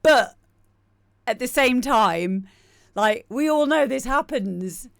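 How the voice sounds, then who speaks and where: A woman's voice: fairly high pitch, animated, slow pace, gravelly, fairly bright tone, no room sound, studio quality. A young adult woman, a streamer and music producer, rambling casually to her viewers and often restarting her sentences. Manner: rambling, self-deprecating, frequent restarts. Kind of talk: casual live-stream chat.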